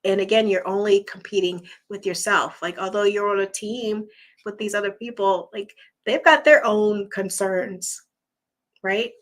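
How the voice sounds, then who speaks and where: A woman's voice: mid-range voice, steady tone, measured pace, fairly bright tone. A woman hosting a casual live chat, chatty and encouraging, reading viewer comments and losing her voice. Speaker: livestream host.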